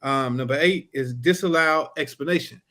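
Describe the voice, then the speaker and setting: A man who works as a trial lawyer, co-hosting a podcast and telling courtroom stories in a casual, animated way, acting out the exchanges. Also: mid-range voice, moderate pace. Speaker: podcast co-host. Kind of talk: casual storytelling chat.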